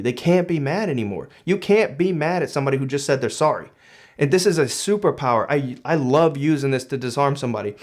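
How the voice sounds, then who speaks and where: Casual man reflecting on a book. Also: fairly high pitch. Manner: reads a passage aloud, then muses on it conversationally with fillers. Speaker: book commentator. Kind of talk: casual reading and commentary.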